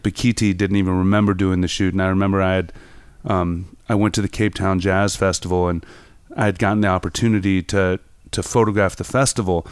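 Smooth low-voiced man telling stories. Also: little pitch movement, a little fast, hardly any pauses, no room sound. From New York. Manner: rambling anecdotes with many fillers. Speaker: photographer guest. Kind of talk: casual storytelling interview.

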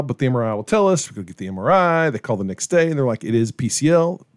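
A middle-aged man spins a story in relaxed conversation, now and then slipping into the voices of the people he quotes. His voice sits at an ordinary pitch, and the sound is close and dry with no room around it. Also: a little fast, few pauses, clear, resonant tone, dry recording. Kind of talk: casual storytelling chat.

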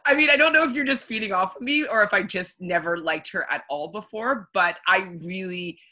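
A young Canadian woman co-hosts a casual podcast recapping a reality show, talking loosely with lots of "ums" and "likes" and laughing often. Her voice is medium-pitched with a sharp tone, and she speaks a little fast.

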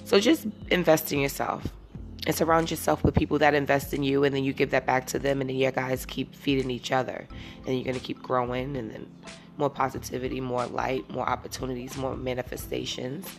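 A woman's voice: extremely low pitch, flat delivery, fairly quick, gravelly, faint music behind. A woman in her thirties hosting a casual solo podcast, talking candidly and rambling, sometimes teary and emotional. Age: 30s. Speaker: podcast host.

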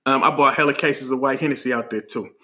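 A man from Oakland with a Bay Area accent, telling a story on a podcast in an animated, slangy way, laughing often as he talks. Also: mid-range voice, quick pace. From Oakland, California. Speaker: podcast host. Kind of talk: casual storytelling.

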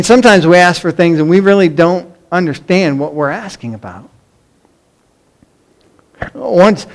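A middle-aged man preaching a sermon in an earnest, emphatic way, often asking the congregation rhetorical questions. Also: a little high. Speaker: pastor.

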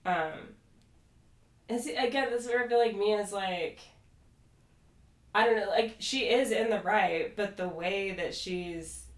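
A young adult woman co-hosting a podcast, recapping a reality show in casual, animated chat and acting out quoted lines. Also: medium pitch, measured pace, long pauses. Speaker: podcast co-host. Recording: echoey room, off-mic.

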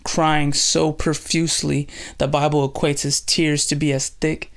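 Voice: medium pitch, level tone, unhurried. A host teaching a casual devotional, retelling scripture in slangy everyday speech and acting out dialogue. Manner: acts out dialogue with shifts in voice.

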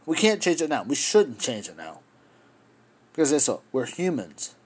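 A man delivers a solo podcast rant with a husky, slightly breathy voice. His pitch swings widely as he rambles, swears and keeps appealing to his listeners directly. He sits in the middle range for a man. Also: big pitch swings, moderate pace. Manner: impassioned, rambling, swears, addresses listeners as folks. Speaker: podcast host.

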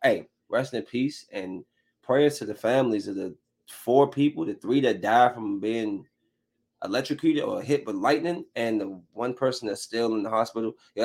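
His voice is fairly low and moves at normal speed as he rants to his viewers about something that happened. He's angry, swearing a lot, and retells it in a casual, heated, animated way.

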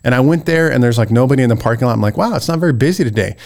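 A man's voice: medium pitch, racing, vocal fry. A man from the United States hosting a casual podcast, rambling and getting worked up as he rants, with frequent restarts. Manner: animated, rambling, gets worked up. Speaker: podcast host. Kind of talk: casual ranting commentary.

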